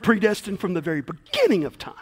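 A man's voice: high-pitched, fast talker, breathy edge. Folksy preacher, man. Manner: folksy, animated, acts out quotes. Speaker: pastor. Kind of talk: storytelling sermon.

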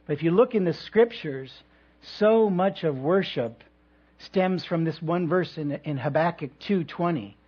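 A male pastor delivering a sermon in a measured way, with reflective pauses and touches of light humor. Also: fairly high pitch, slightly rough. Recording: dull lo-fi recording.

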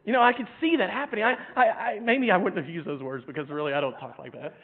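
Guy preaching a sermon, fairly high voice, keeps repeating words, does funny voices, tinny phone-like sound. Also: quick pace, breathy edge. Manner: animated, repeats words, acts out voices with humor. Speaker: pastor.

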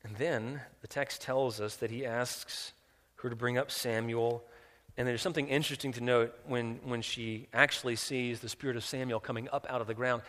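A man preaching a sermon. He drops low and quiet, then climbs loud and high for emphasis, often repeating words as he restarts. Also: fairly even intonation, normal speed. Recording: long reverb, large hall.

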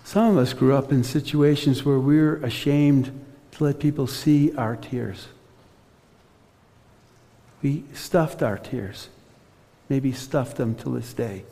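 A man preaching a sermon as pastor, earnest, slowing and softening on reflective passages. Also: mid-range voice, big-room sound.

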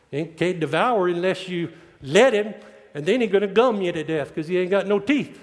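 Folksy preacher, high voice. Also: male voice, lively intonation. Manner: folksy, joking, plain-spoken with drawn-out emphatic lines. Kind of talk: sermon. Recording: long hall reverb.

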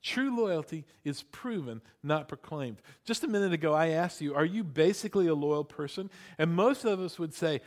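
Animated, high-voiced preaching man. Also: brisk, hardly any pauses. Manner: animated storytelling, acting out quotes; emphatic repetition. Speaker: pastor. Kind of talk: sermon.

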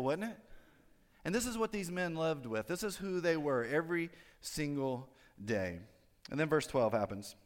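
A man's voice: a little high, fairly bright tone. Man preaching in a reverberant sanctuary. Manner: conversational preaching with frequent fillers and joking asides. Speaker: pastor. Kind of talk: sermon. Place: church sanctuary. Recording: long hall reverb.

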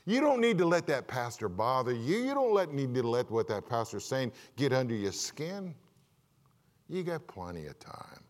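Give me a wheedling, mocking male devil, as a man puts him on with a much higher, louder voice. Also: sing-song, moderate pace, close to an everyday voice. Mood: coaxing. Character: taunting male devil, sly and coaxing. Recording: reverberant hall.

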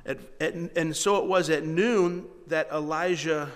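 A man preaching a sermon, reading scripture and swinging between quiet reading and loud, mocking asides. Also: on the high side, moderate pace, few pauses, long reverb tail. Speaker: pastor.

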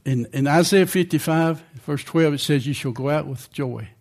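Checking in with the congregation as he goes, an older male preacher gives a sermon in a conversational style. He talks at a normal speed, with a voice slightly higher than most men's and a darkish tone.

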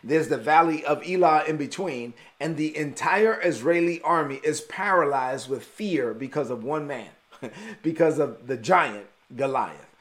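A man from Brooklyn preaching a devotional sermon in an emphatic, animated way, repeating his key points. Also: on the high side, a little slow. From Brooklyn, New York.

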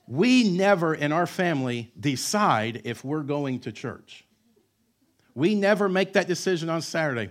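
A man's voice: on the high side, expressive, a little slow. Emphatic, joking male pastor preaching. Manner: emphatic, repetitive, joking asides. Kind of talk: sermon.

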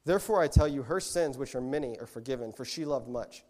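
A man giving a conversational sermon as a lay preacher, telling the story in a relaxed way and often correcting himself mid-sentence. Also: medium pitch, quick pace. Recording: long hall reverb.

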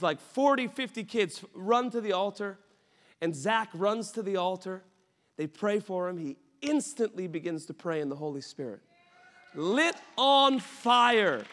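A young adult man preaching a sermon as pastor, telling stories with animated energy and bursts of shouting. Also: high voice. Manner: animated, rising to shouts when excited. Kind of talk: sermon storytelling. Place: church sanctuary. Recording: reverberant church hall.

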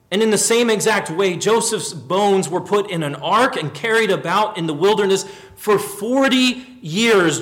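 A man preaching a sermon, rising to loud emphatic questions and then dropping to quiet, low musing. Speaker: pastor.

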